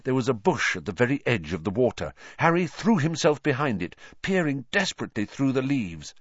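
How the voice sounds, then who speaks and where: A man reading a fantasy novel aloud as an audiobook narrator, expressive and given to dramatic pauses. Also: medium pitch, husky, no echo, muffled recording.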